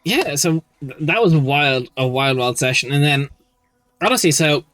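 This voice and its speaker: A man's voice: a little high, normal speed, a bit bright. A young man hosting a casual livestream as game master, rambling and upbeat with many restarts. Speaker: stream host and game master.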